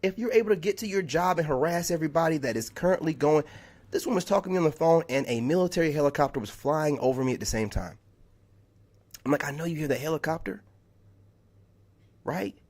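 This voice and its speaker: A content creator rants through a vlog monologue, heated and exasperated, repeating himself and dropping "man" constantly. His voice is fairly high and expressive, he talks fast, and the tone is a little mellow.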